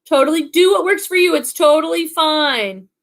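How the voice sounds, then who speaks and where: A woman's voice: high voice, moderate pace, a bit bright. A woman from the Boston area with a slight Boston accent, hosting a casual livestream and chatting upbeat with viewers. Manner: chatty, upbeat, reads viewer comments aloud. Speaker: livestream host. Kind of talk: casual livestream chat reading comments.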